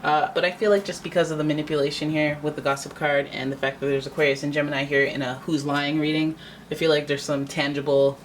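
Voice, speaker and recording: A woman with a low, grounded voice chats her way through a tarot reading. She gets dramatic, throwing in playful little voices as she talks. A faint background hiss runs under her. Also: little pitch movement, quick pace. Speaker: tarot reader.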